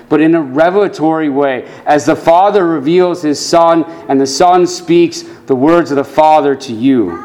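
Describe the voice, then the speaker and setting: A man preaching a sermon, earnest, dropping his voice low and soft when he quotes scripture. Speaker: pastor.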